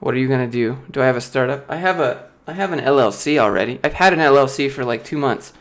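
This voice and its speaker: A young man from the United States talks loosely into a desk mic on a home livestream. His voice sits at a middle pitch, and he keeps an easy, rambling delivery full of "like" and quick laughs. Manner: animated storyteller, mimics other people's voices in anecdotes; chatty, laughs often, frequent filler words. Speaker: YouTuber answering live chat questions. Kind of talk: casual livestream Q&A.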